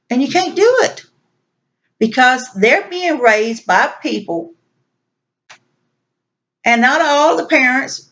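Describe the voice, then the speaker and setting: A woman's voice: a little high, fairly bright tone. A woman vlogger venting in an exasperated, repetitive rant. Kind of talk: venting monologue. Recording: dull lo-fi recording.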